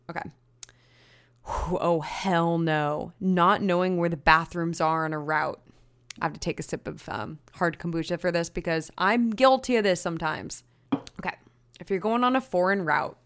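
A young woman hosts a solo podcast about running and chats loosely. She rambles into side stories and pokes fun at herself. Her voice sits a little low for a woman. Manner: chatty, self-mocking, rambling into side stories. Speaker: podcast host. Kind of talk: casual solo podcast chat.

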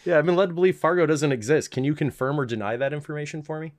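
A man's voice: a little high, racing. A man from the Chicago area co-hosting a trivia podcast, joking and playful in casual chat. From Chicago area, USA. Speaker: podcast co-host.

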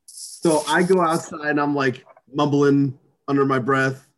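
A man's voice: a little high, fairly even intonation, a little slow. A man telling a long story in casual chat, rambling with many restarts, fillers and swear words.

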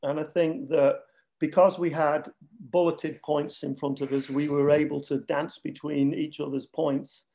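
A man with a lively Manchester accent. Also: on the high side, a little slow, gravelly, dull audio. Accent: Northern English, Manchester. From Northern England. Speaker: podcast co-host, guest. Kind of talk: casual radio chat.

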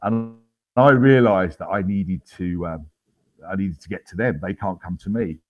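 A man's voice: low voice, normal speed, muffled recording, faint music behind. A man in his fifties, an army veteran guest, telling his story in a casual interview with wry humour and many ums and restarts.

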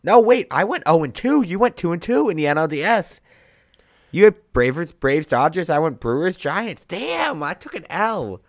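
A young man co-hosting a podcast, talking baseball in a casual, animated way, with big jumps in pitch and loudness for emphasis. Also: moderate pace, no room sound, studio quality. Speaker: podcast co-host. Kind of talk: casual sports chat.

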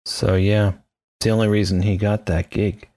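A man's voice: on the low side, little pitch movement, moderate pace, warm tone. A man co-hosting a podcast, chatting casually with profane, jokey banter. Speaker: podcast co-host. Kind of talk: casual chat.

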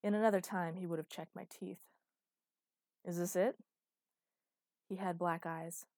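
A woman's voice: on the low side, fairly even intonation, a little fast, darkish tone, no room sound. A woman narrating first-person fiction in a dry, wry storytelling manner, close to the mic. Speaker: audiobook narrator.

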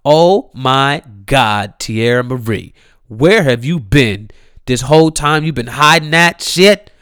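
Hosting his own show, a young man from Columbia, Maryland rants solo in casual, slangy, profane fashion, repeating his phrases. He takes it slowly in an expressive mid-range voice that's a bit bright, clear and resonant, in clean studio sound with no echo.

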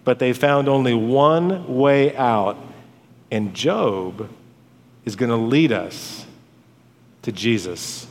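Slow-preaching pastor in a reverberant church. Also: male voice, medium pitch, animated, slight background noise. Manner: dramatic rises and hushed drops on key words. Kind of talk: sermon. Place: church sanctuary. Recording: long hall reverb.

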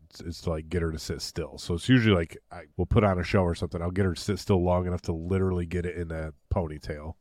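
A man's voice: low-pitched, fairly even intonation, quick pace, few pauses, darkish tone, no echo, studio quality. A man in his thirties with a Michigan accent, co-hosting a podcast in easygoing casual chat. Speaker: podcast co-host.

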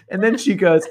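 A man co-hosting a casual chat podcast over a video call, telling gossip in an animated way with frequent laughter. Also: sits high. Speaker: podcast co-host.

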